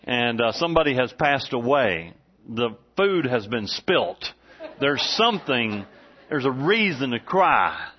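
Before a congregation in the church sanctuary, a man in his forties preaches in a folksy, chatty way, peppering his sermon with frequent "uh" fillers. His mid-range voice is sing-song and measured in pace, captured in a dull, somewhat muffled recording.

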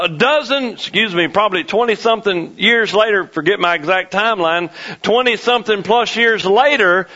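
A man's voice: high-pitched, pushed and bright. A man preaching a sermon as pastor, repeating phrases with rising emphasis. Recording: dull lo-fi sermon recording.

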